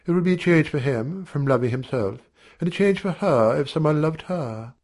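A man voicing a witty, sharp-tongued married woman in a raised, arch, mocking tone in a read-aloud story. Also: a little high, expressive, moderate pace, pitched above the performer's own voice.

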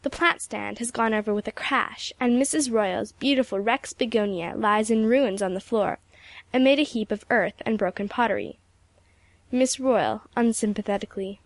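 A woman reading a novel aloud as narrator, in a measured, plain manner. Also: fairly high pitch, no echo. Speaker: audiobook narrator.

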